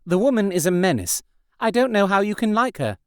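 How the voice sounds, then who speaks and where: A man voicing a dry, sharp-tongued young woman in an audiobook. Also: high-pitched, big pitch swings, a little fast, clear, resonant tone, dry recording, pitched above the performer's own voice. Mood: wry. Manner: dry, sardonic.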